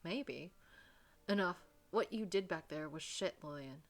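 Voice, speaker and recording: A woman voicing a curt, exasperated young Frenchman in a French accent, reading his lines low and muttered. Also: lively intonation, unhurried. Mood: sulky.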